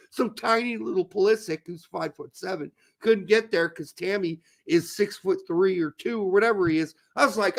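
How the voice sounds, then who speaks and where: High gravelly man ranting profanely. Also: a bit bright. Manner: profane, ranting, explosive outbursts. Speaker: podcast co-host. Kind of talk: casual sports podcast rant.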